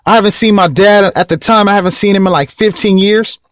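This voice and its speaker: A man's voice: high voice, steady tone, a little fast, no echo. A young man casually telling a personal story to the camera, rambling and repeating himself and often asking whether you know what he means. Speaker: vlog host.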